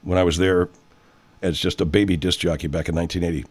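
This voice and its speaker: A man in his sixties hosting a live stream, rambling in profane, animated casual chat. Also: sits low, fast talker.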